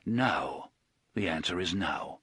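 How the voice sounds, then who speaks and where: A cold, laconic gunslinger in an audiobook, low and steady, never raising his voice. His tone is husky and lively underneath the calm, as a man reads him. The sound is close and dry. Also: no echo, exaggerated voice. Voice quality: low and level, unhurried.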